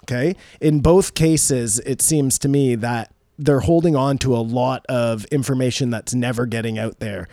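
A man's voice: medium pitch, steady tone, normal speed, hardly any pauses, warm tone, no echo, clean studio sound. A man co-hosting a podcast, talking through ideas in a rambling, speculative way during casual discussion. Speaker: podcast co-host.

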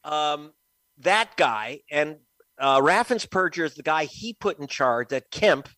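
A man's voice: fairly high pitch, lively intonation, slow, pushed and bright, no room sound. A man, a guest investigative reporter, giving emphatic, scornful political commentary with frequent laughs.

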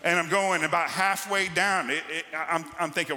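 A man's voice: on the high side, fairly even intonation, normal speed, hardly any pauses, sharp tone. A male pastor preaching a sermon, telling personal stories in a conversational, emphatic way. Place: church sanctuary. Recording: church hall with long reverb.

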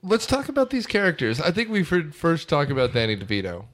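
A podcast co-host with a fairly bright, high-leaning voice whose pitch swoops wildly talks briskly and casually about a film, rambling with plenty of fillers and asides.

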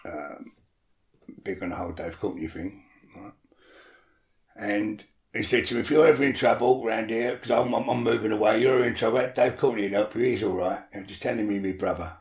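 In a reverberant space, a man with a lowish voice tells a story in casual chat as a guest storyteller. He's animated, swears freely, and acts out what people said.

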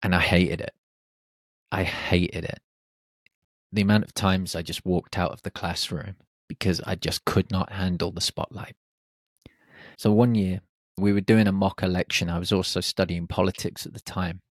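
A man in his forties from the UK, a podcast host telling a reflective personal story and acting out his nervous inner voice in hushed tones. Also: low-pitched, fairly even intonation, normal speed, no room sound, clean studio sound. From United Kingdom.

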